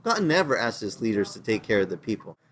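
Animated, plain-spoken male preacher. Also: lowish voice, fast talker, slight background noise. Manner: animated storytelling, acting out quoted voices; plain-spoken, casual slang. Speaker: pastor. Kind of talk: conversational sermon.

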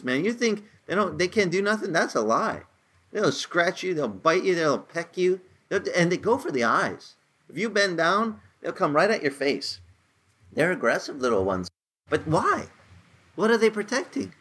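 A man's voice: a little high, big pitch swings, moderate pace, fairly bright tone. A man in his sixties preaching a casual, conversational sermon, telling stories with rising emphasis. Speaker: pastor.

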